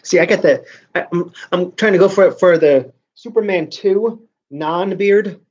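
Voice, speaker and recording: A man's voice: sits high, measured pace, a little mellow, highs cut off. A man hosting his own vlog in casual chat, rambling along with frequent restarts and sentences that trail off. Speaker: vlogger host.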